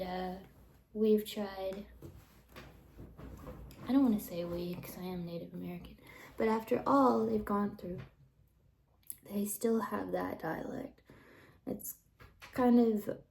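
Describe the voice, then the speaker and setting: Slow, gravelly-voiced woman telling stories. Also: medium pitch, a little hiss or hum, poor audio. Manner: rambling, drops into soft whispered asides. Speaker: vlogger telling personal stories. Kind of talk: casual storytelling monologue.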